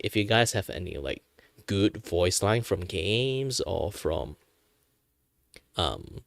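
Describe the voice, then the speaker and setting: A man's voice: sits low, vocal fry, fairly bright tone, no room sound. Rambling man streaming, dry throat. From Malaysia. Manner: rambling, with many fillers and restarts. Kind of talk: casual chat.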